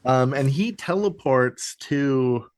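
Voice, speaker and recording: Expressive and a little mellow, this man's medium-pitched voice takes things slowly as he co-hosts a podcast's casual TV episode recap. He rambles with lots of "like" fillers and cussing, and mimics characters in mock voices.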